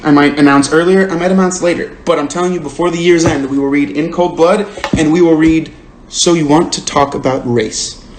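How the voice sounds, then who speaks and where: A man's voice: a little high, fairly even intonation, a little fast. A man hosting a book club over a phone livestream, casual and earnest, rambling with lots of "like". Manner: rambling and earnest, heavy use of "like". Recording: roomy with faint hiss.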